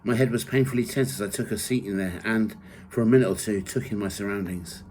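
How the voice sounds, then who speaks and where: A man reading from his own memoir in the first person, measured and steady. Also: lowish voice, slight background noise, poor audio. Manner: measured reading, rising loud for quoted shouts.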